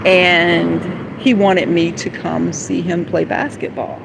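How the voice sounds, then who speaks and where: A woman in an emotional, rambling live-stream monologue, heated and confrontational at times, then soft and apologetic. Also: on the low side, level tone, takes it slowly, gravelly, background noise. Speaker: livestreamer.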